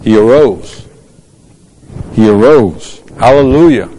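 A man's voice: medium pitch, animated, slow, mellow. A man preaching a fervent sermon, repeating words as he goes and quoting scripture in old-fashioned English. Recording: long hall reverb.

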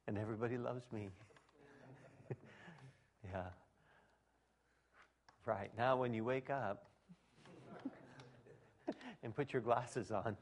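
A middle-aged man preaching a conversational sermon, acting out quoted dialogue and laughing at his own jokes. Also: medium pitch.

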